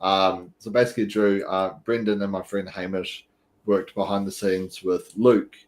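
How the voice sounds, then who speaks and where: A man's voice: low voice, flat delivery, normal speed. A man hosting a podcast, chatting casually and laughing often. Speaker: podcast host. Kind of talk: casual chat.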